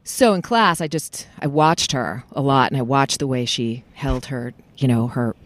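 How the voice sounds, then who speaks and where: A voice actor guest chatting casually about their roles, telling stories in a lively, rambling way with lots of fillers. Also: mid-range voice, normal speed, no room sound. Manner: animated storytelling, many fillers and restarts. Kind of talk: casual interview chat. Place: recording in a parking lot.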